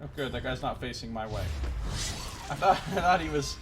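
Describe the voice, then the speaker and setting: A man's voice: medium pitch, animated, a little fast. A man streaming a video game, giving casual commentary and cracking jokes, often swearing and talking to himself as he plays. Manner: jokey, profane, talks to himself while playing. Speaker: let's play streamer. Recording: live stream with faint game music.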